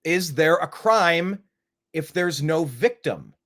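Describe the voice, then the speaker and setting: A man's voice: a little high, lively intonation, slow, fairly bright tone. Opinionated man hosting a live stream. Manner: rambling, rhetorical questions, emphatic. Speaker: host.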